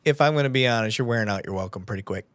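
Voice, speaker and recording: A man's voice: mid-range voice, rapid-fire, dry recording. A man hosting a police-topic livestream, talking bluntly and heatedly with plenty of swearing. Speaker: podcast host, police sergeant. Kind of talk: casual livestream chat.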